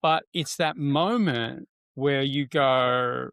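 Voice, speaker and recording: Man with a gravelly voice. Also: medium pitch, normal speed, dry recording. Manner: animated storyteller, acts out quotes, many fillers and restarts. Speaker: guest, NLP trainer. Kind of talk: casual conversational interview.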